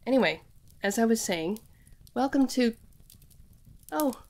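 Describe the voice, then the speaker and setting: A woman's voice: a little high, expressive, measured pace, a little mellow. A woman voicing a young, earnest witch in training who rambles and talks straight to the listener in an audio role-play. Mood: chatty. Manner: rambling, addresses the listener directly.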